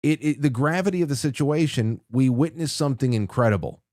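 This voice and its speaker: A man's voice: mid-range voice, a little fast, darkish tone, no room sound, studio quality. Rambling male call-in show host. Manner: rambling, with frequent restarts and chuckles. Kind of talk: casual call-in talk show.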